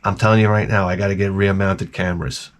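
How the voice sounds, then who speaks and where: A man hosting his own video, telling a rambling, profane story in an animated, casual way. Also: low-pitched, quick pace. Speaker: video host.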